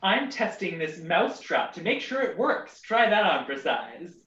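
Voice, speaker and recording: A man's voice: high-pitched, sing-song, moderate pace, pushed and bright, highs cut off. Man in an echoey room, far from the mic. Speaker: improv performer. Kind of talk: improv comedy game. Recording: echoey distant video call audio.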